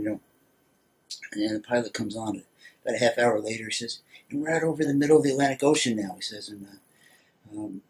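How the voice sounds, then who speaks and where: Halting older man telling jokes. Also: mid-range voice, low-quality recording. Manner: halting, many uhs and restarts. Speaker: amateur comedian.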